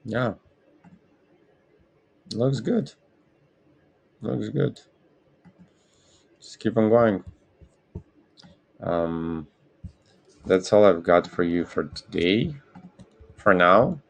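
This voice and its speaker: A man's voice: on the low side, lively intonation, drawn-out words, gravelly, pauses often, highs cut off. A man hosting a live trading stream, rambling and correcting himself in casual market commentary. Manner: rambling, self-correcting, apologetic.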